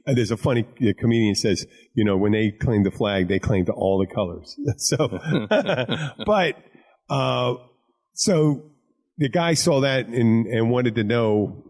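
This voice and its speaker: A man's voice: mid-range voice, expressive, unhurried, darkish tone. A man hosting a podcast, a bartender telling rambling stories full of crude jokes and restarts. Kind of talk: casual chat.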